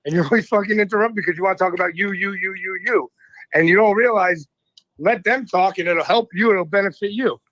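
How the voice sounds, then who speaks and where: A man from the Boston area, a guest on a radio talk show, telling stories in an animated and profane way. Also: sits high, quick pace, no echo, lo-fi sound.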